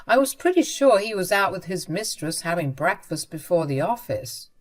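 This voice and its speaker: A woman narrating a first-person story script, earnest and confiding. Her voice sits a little low for a woman, and the reading is scripted and even.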